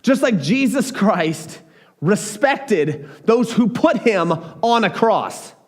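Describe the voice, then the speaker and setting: A man preaching a sermon as pastor, talking in an animated, emphatic way with frequent restarts. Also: high voice, takes it slowly.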